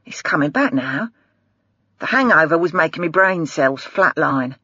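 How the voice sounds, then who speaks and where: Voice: mid-range voice, lively intonation, moderate pace, bright, forceful tone, slightly rough, dry recording, muffled recording, heavily acted. Reader voicing a dismissive sceptical male cop. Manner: curt, dismissive.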